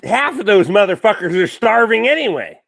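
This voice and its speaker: A man in his forties with a Canadian accent, hosting a live stream in excitable, stammering casual chat. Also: high voice, fairly quick, creaky. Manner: stammering, excitable, laughs a lot.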